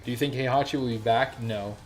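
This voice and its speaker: A man's voice: medium pitch, steady tone, fast, faint music behind. A young man streaming a game, chatting loosely with lots of fillers and casual swearing. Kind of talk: casual chat while gaming.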